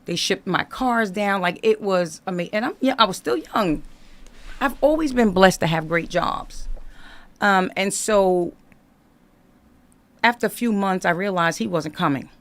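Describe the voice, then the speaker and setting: A woman recounts her life story as a podcast guest in a lively, conversational way. She acts out the dialogue as she goes. Her mid-range voice has a gravelly, fry-laden texture. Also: mid-range voice, a little slow. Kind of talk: candid storytelling in a podcast interview.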